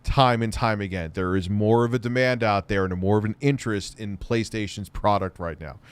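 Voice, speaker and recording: A man's voice: fairly low pitch, normal speed, clear, resonant tone. A man hosting a casual livestream Q&A, reading viewer questions aloud and answering in a rambling, profane way.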